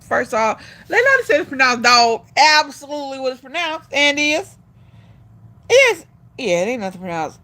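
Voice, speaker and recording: A woman's voice: high voice, very animated, normal speed, pushed and bright. A woman hosting a casual livestream, chatting with her viewers and calling them y'all. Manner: sing-song coaxing to her dog. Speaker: livestream host.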